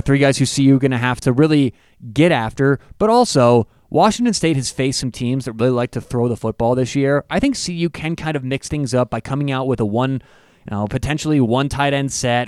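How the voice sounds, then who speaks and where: A man co-hosting a casual sports talk show, analyzing a college football matchup with quick, enthusiastic asides. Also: mid-range voice, darkish tone, clear, resonant tone, no room sound, studio quality.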